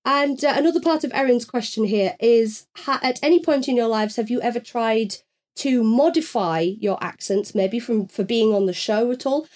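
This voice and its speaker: Woman, podcast host, casual chat, slightly high voice, friendly promo reading. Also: normal speed, a little mellow.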